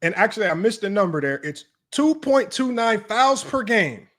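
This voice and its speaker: A man's voice: sits high, big pitch swings, normal speed, fairly bright tone. A young man hosting a live sports analysis stream, reading stats aloud and talking bluntly and sarcastically to viewers as y'all. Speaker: sports commentary host.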